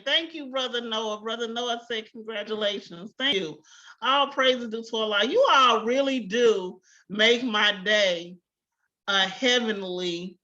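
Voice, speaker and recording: Woman teacher, young adult, high voice, warm praise, laughs a lot; muffled call audio. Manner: effusive, grateful, laughs often. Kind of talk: online class closing remarks. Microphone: video call.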